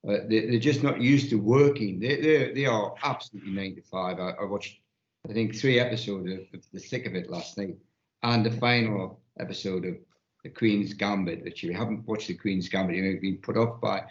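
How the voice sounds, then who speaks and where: Rambling man in a roomy room. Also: lowish voice. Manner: rambling, halting, many restarts. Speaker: podcast panelist. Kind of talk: casual panel chat. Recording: muffled audio in a roomy space.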